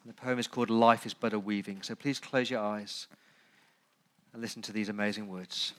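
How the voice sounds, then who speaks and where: A man who is a pastor preaching a sermon, building through loud repeated lists and pleading directly with his listeners. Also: fairly low pitch, steady tone, normal speed.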